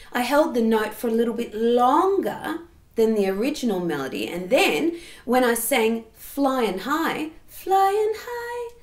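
A woman's voice: a little high, roomy sound. A woman giving a singing lesson, explaining step by step and breaking into sung examples. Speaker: singing teacher.

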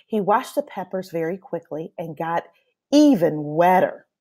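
A woman teacher reading a children's picture book aloud in a slow, expressive way. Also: fairly low pitch. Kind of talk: storybook read-aloud for children.

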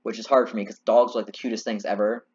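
A man's voice: lowish voice, level tone, fast talker, slightly rough. Chatty man rambling over a game. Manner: chatty, rambling, self-mocking. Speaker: let's play host. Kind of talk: casual game commentary. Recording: slightly muffled, faint hiss.

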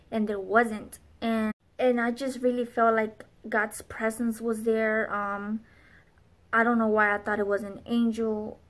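A young adult woman vlogger telling a personal faith testimony in an earnest, rambling way with many fillers. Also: mid-range voice.

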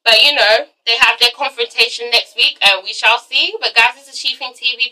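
A sassy woman recapping a reality show in a casual vlog, swearing freely and acting out the cast in quick voices. Her voice sits high and bright. She is a bit far from the mic. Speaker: vlogger reviewing a TV show.

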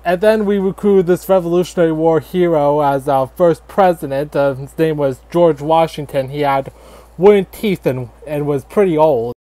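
A man voicing a grandfatherly animatronic fox who tells a satirical history lesson in a halting, filler-heavy ramble. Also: a little high, warm tone, dry recording, lightly acted. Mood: rambling. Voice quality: halting, filler-heavy, lots of likes and restarts. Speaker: storyteller grandfather. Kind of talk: casual satirical storytelling.

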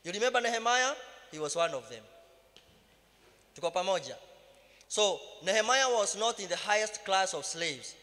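A man's voice: high voice, expressive, moderate pace, long pauses, pushed and bright. A man with a Kenyan accent leading a Bible study, mixing English and Swahili and rising to emphatic cries. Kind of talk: sermon-style Bible teaching. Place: church hall. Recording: reverberant church hall.

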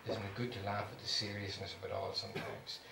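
A man's voice: fairly low pitch, level tone, fast talker, creaky, noisy background. A man voicing a mischievous older cardinal with a sly, teasing way of talking, in an echoey room heard from far off.

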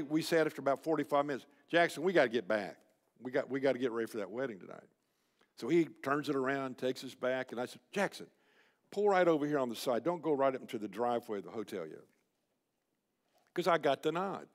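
A man preaching at a men's luncheon, telling a personal story, who swings from loud urging to a hushed, quiet voice. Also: mid-range voice, big-room sound. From United States. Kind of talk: sermon storytelling.

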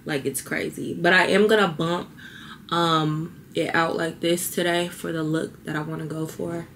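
A woman's voice: low-pitched, steady tone, moderate pace, fairly bright tone, slight background noise. A young woman vlogging at home, chatty and heartfelt, a little teary as she talks to her viewers. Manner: heartfelt, chatty, says y'all. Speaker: beauty vlogger. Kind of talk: casual vlog talk to camera.

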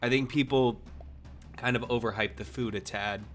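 A young man streaming, chatting casually and joking while he plays, his voice hoarse. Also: medium pitch, moderate pace, faint music behind. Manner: lively, chatty, jokey. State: hoarse, coughing. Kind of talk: casual chat while gaming.

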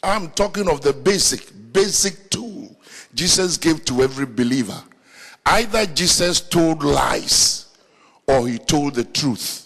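A man with an African accent preaching a sermon as pastor, telling stories with animation and breaking into shouts. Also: on the high side, lively intonation, a little slow, vocal fry, long reverb tail. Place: large church hall, live meeting.

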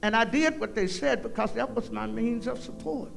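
A woman's voice: fairly high pitch, moderate pace, creaky, soft background music. An older woman, a guest singer telling a folksy, preachy testimony to a concert audience and breaking into hymn lines. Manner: preachy, folksy storytelling, calls out "y'all". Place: concert hall stage.

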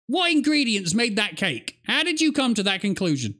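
A man's voice: high-pitched, sing-song, normal speed, pushed and bright. A young English man hosting a reaction video, incredulous and rambling, swearing as he jokes about what he watches. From England. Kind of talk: casual reaction commentary.

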